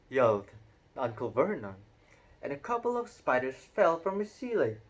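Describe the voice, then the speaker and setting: A man narrating a children's novel aloud in an unhurried, expressive reading with occasional stumbles. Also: medium pitch. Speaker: audiobook narrator. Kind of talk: storybook read-aloud narration.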